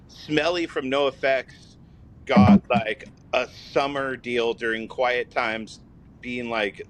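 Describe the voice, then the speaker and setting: A man telling loose, relaxed anecdotes as a guest in a casual chat. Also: mid-range voice.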